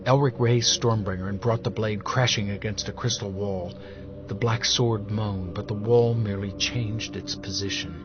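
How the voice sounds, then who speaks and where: A man reading fantasy narration in a measured, steady way. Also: fairly low pitch. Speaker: audiobook narrator. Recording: dull lo-fi audio with music behind.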